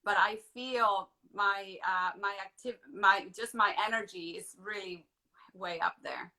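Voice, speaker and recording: A woman in her fifties, a guest on a live chat, excited and self-deprecating. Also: mid-range voice, measured pace. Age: 50s. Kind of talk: casual chat.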